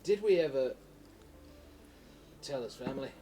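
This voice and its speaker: A man's voice: mid-range voice, expressive, a little slow, dark tone, a little hiss or hum, rough recording. A man playing a tabletop game, making dry, wry comments. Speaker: player.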